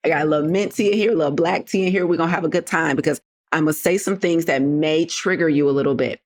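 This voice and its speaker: A woman's voice: low-pitched, fast talker. A woman hosting a motivational health podcast, talking to listeners in a sassy, direct, preachy way. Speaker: podcast host and health coach. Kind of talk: motivational solo podcast talk.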